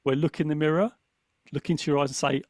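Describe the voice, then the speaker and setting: A man's voice: on the high side, fast talker, no room sound, clean studio sound. A man talking casually on a podcast panel, acting out the voice in his head as he tells stories. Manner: animated, acts out his inner voice. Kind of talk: casual conversation.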